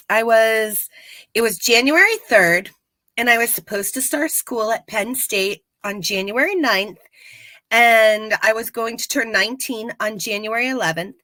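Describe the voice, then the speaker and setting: A woman co-hosting a casual live-stream, retelling an episode in animated fashion and acting out quotes. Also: on the high side, no room sound. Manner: animated storyteller, acts out quotes. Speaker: podcast co-host recapping a TV episode. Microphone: live-stream setup.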